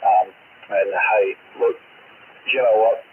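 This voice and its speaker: Deep-voiced Australian man on hissy CB radio. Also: fairly even intonation, slow. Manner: earnest, reassuring, calls everyone mate. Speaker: CB radio operator. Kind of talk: casual radio chat. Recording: hissy, tinny radio transmission.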